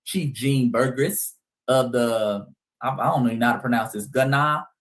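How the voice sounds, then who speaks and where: A man's voice: mid-range voice, moderate pace. A man hosting a heated commentary monologue, speaking emphatically and calling his listeners family. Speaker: host.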